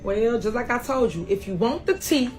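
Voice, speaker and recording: Woman talking to camera for her podcast, high voice, slow drawn out, kinda defiant. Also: lively intonation, darkish tone, soft background music. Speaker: podcast host and local official. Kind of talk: direct-to-camera video address.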